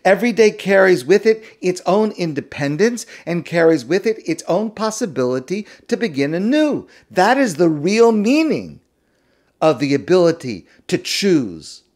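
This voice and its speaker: A man's voice: high-pitched, very animated, moderate pace, a little mellow. A man, a rabbi, giving a weekly Torah talk, stressing key words by repeating them.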